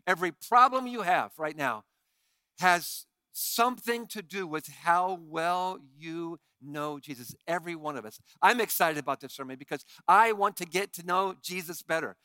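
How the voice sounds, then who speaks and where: A man preaching a sermon as pastor, reading scripture in an animated, emphatic way. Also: high voice, moderate pace, clean tone, no room sound.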